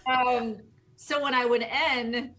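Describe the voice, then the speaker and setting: A woman's voice: mid-range voice, moderate pace, fairly bright tone. A woman from the United States, a voice actor, chatting casually in a rambling, talkative way. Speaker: game voice actor. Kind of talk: casual video chat.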